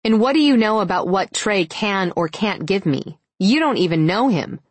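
Woman voicing a sharp-tongued werewolf woman. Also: medium pitch, lively intonation, normal speed, no echo, pitched above the performer's own voice, lightly acted. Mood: defiant. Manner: defiant, sarcastic.

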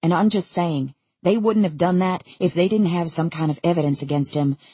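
An exasperated teenage boy with a hard-drinking streak, read by a woman narrator in a low, husky voice. His lines come blunt and impatient in a storybook reading, recorded close and dry with no room sound. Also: brisk, warm tone, no echo.

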